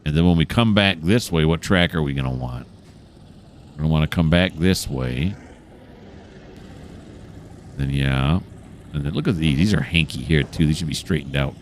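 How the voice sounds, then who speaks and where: A man's voice: extremely low pitch, moderate pace, long pauses. A man casually commenting on a train simulator game as he plays, thinking aloud in a chatty, self-mocking way. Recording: game engine noise behind the voice.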